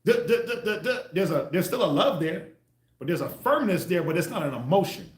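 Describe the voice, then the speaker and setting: A man preaching with a high voice that swings wide in pitch. He keeps breaking into loud acted-out quotes, and the room around him is echoey. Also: normal speed. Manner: animated, acts out quoted voices with loud bursts. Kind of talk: street sermon teaching.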